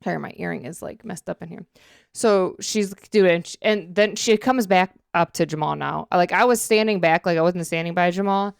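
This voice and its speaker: A woman co-hosting a podcast, telling stories in a chatty, expressive way. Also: fairly low pitch, moderate pace, gravelly, smooth, no echo, clean studio sound. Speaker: podcast co-host. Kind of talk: casual chat. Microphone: dynamic podcast microphone.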